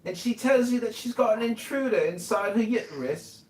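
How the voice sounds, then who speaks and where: Brief: male co-host, mocking and combative, lively swings in pitch, echoey recording. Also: normal speed. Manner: mocking, insulting, British slang. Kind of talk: heated livestream banter. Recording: echoey room.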